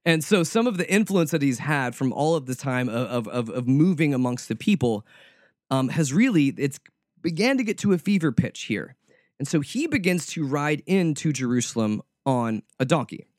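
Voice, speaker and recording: A man's voice: on the high side, lively intonation, normal speed, a little mellow, no echo, studio quality. A male preacher giving a conversational sermon, informal and often repeating words as he searches for the next one.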